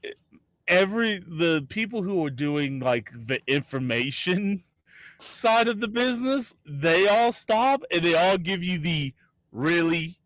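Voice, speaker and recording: A man's voice: high-pitched, lively intonation, unhurried, fairly bright tone, no room sound. Playful male game master, dry sound. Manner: playful, stumbling over words. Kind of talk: narrating a tabletop game.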